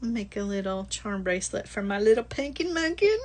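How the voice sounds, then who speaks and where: A woman's voice: mid-range voice, animated, moderate pace, darkish tone. A middle-aged woman hosting a live craft-shopping stream, chatting casually and laughing often. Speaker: livestream shopping host. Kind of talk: casual live product chat.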